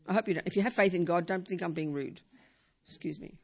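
Buddhist teacher, woman, lively and playful delivery, live hall talk. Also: lowish voice, quick pace, breathy edge. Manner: lively, joking, repeats words for emphasis.

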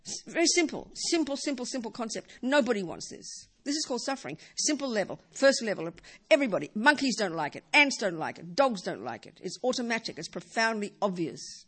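A woman teaching Buddhism to a live audience in a hall, lively and joking, repeating words for emphasis. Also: fairly high pitch, fairly quick, husky.

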